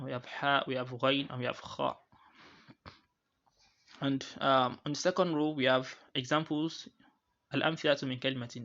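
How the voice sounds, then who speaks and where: Male recitation teacher, bright tone, halting explanations, slow drawn-out examples, dull lo-fi recording. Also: mid-range voice. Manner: halting, with restarts, slowly drawing out each recited example. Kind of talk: explaining tajweed rules to students.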